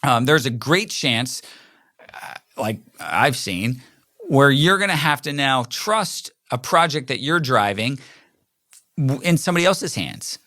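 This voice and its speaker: A man's voice: mid-range voice, big pitch swings, a little slow, bright, forceful tone, dry recording, studio quality. A middle-aged man hosting a podcast alone, talking casually in a rambling way and acting out quoted voices. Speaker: podcast host. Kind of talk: casual solo monologue.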